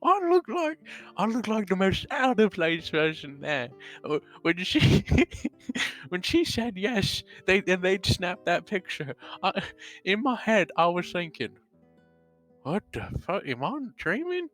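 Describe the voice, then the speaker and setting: A man's voice: high-pitched, big pitch swings, unhurried, fairly bright tone, faint music behind. A man chatting in character during a tabletop role-play, stammering now and then and calling others "mate".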